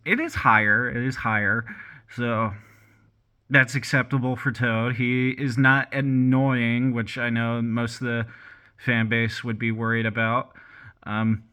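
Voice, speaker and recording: Bright-voiced man rambling awkwardly. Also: medium pitch. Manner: awkward, hesitant, many restarts. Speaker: vlogger. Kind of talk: rambling casual commentary.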